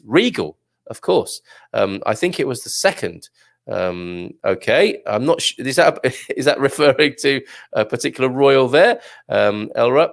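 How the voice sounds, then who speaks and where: A man's voice: medium pitch, creaky. A man hosting a live morning show, reading out viewer comments in a chatty, jokey way, full of fillers and laughs. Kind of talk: casual live chat.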